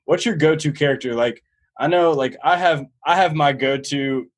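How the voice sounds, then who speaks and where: Young male host, slightly high voice, laid-back, easy laugh, says dude a lot. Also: moderate pace. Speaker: podcast host. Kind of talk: casual chat.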